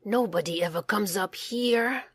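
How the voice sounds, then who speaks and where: A woman voicing a bored, mischievous young shepherd boy, shouting high calls for help in a storybook reading. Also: a little slow, no room sound, clean studio sound, close to an everyday voice.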